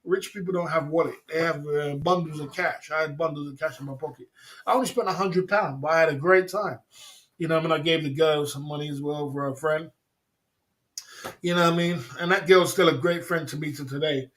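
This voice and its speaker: A man's voice: a little high, fairly even intonation, brisk, fairly bright tone. A man hosting a livestream, telling rambling stories between laughs in casual chat. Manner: reads viewer comments aloud. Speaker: livestream host.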